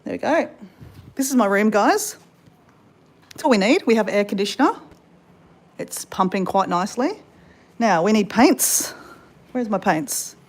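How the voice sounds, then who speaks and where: A woman's voice: medium pitch, lively intonation, measured pace, long pauses. Chatty woman vlogging to camera. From Australia. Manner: chatty, rambling, addresses viewers as guys. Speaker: travel vlogger. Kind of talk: casual vlog chat to camera. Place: hotel room in Bali.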